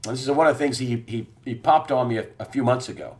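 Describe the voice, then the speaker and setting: A middle-aged man hosting an election commentary monologue, emphatic and repetitive, with many "uh" fillers and swings from loud outbursts to near-quiet asides. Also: mid-range voice, quick pace. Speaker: host.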